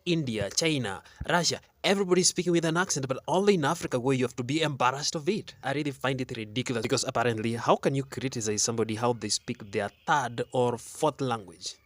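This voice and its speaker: A man's voice: medium pitch, dry recording. A man from Kenya with a Kenyan accent, hosting a show and giving opinionated, argumentative commentary full of rhetorical questions. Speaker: show host.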